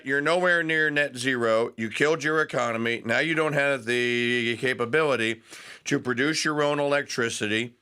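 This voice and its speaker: A man hosting a talk radio show, ranting and sarcastic. He shifts between fast bursts and slow, stressed phrases. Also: mid-range voice, pushed and bright. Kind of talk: opinionated talk radio monologue.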